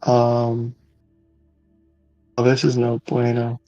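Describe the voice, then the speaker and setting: A man's voice: mid-range voice, monotone, slow pace, dark tone, no echo, lo-fi sound, faint music behind. A man running an online tabletop game as game master, speaking hesitantly with many fillers.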